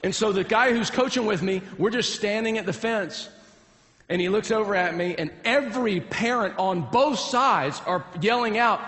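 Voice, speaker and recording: Man, pastor, lively folksy sermon storyteller, fairly high voice, long hall reverb. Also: moderate pace. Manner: animated, folksy, humorous storytelling.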